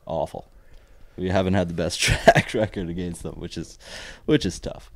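Laid-back young man with a deep voice. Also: steady tone, moderate pace, creaky. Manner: laid-back storytelling, laughs often. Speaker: podcast co-host, pro soccer player. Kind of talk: casual podcast chat.

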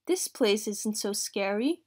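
A woman's voice: medium pitch, animated, takes it slowly, a little mellow. A woman reading a picture book aloud, voicing a dim-witted male gang thug who is boastful and greedy.

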